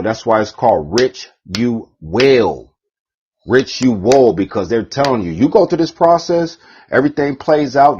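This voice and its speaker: Husky man ranting profanely. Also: lowish voice, darkish tone, highs cut off. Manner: preachy, repetitive, profane. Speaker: vlogger. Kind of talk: profane rant.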